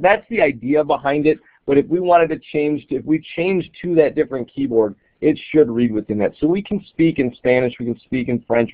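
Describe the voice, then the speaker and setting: A man of ordinary pitch talks through an app step by step in a relaxed, explanatory way. The audio is thin and phone-like, with a dry, close sound and no room around it. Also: no echo. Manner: casual, explanatory, thinking aloud while demonstrating. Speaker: app reviewer. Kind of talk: screen-recorded software tutorial.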